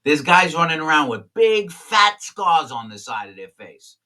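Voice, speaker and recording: A former prisoner telling candid stories in a blunt, streetwise way, swearing freely. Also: male voice, a little high, very animated, a little slow, sharp tone, far from the mic. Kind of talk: candid storytelling.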